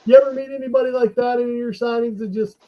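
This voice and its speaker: A man in casual chat, telling lively stories about meeting comic artists at signings and acting out what people said. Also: very high-pitched, quick pace, poor audio. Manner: animated storyteller acting out quotes.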